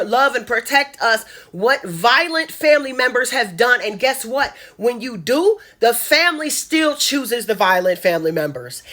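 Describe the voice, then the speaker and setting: A woman's voice: fairly high pitch, pushed and bright. A woman from Chicago giving an impassioned, emphatic monologue straight to her audience, hammering her points with repetition. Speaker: social media commentator.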